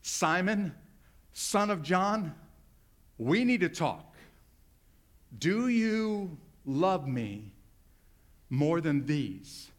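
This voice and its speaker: A man's voice: high voice, expressive, a little slow, a bit bright. A male pastor voicing Jesus as an earnest man pressing his friend with pointed questions in a sermon.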